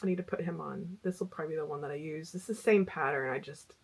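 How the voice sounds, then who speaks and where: A woman's voice: low-pitched, fast talker, slightly rough. A middle-aged woman vlogging about crochet in a chatty, rambling way with fillers. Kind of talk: casual chat.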